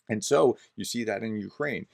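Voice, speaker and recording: A man with a fairly low voice talks through the day's news as a professor would, loose and conversational, often pausing on "uh" and restarting phrases. The sound is dry and close, with no room around it. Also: creaky, no room sound. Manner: conversational, explanatory, frequent "uh" fillers and restarts. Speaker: professor explaining war news. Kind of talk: daily news commentary video.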